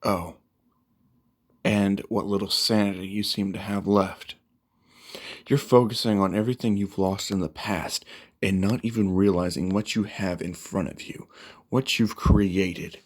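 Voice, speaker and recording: Brief: brash young hero, swears, blunt and confrontational, low voice, read by a man. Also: fairly even intonation, measured pace. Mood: scolding. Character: brash foul-mouthed young male hero.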